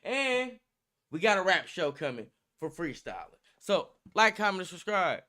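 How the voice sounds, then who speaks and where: A man's voice: high-pitched, big pitch swings, moderate pace, sharp tone. A young man hosting a livestream in casual, slangy, profane chat, hyped up and laughing often. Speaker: livestream host.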